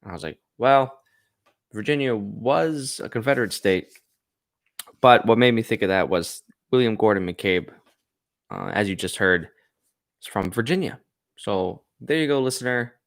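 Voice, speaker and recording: A man hosts a poetry reading show, casually musing aloud about the poems and restarting his thoughts. His voice is lowish and expressive at a moderate pace, recorded with studio quality and no room sound.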